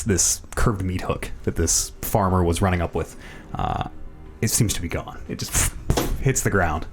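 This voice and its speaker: A man's voice: deep voice, creaky. A man narrating as dungeon master, with many ums and restarts. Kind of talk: narrating a tabletop game.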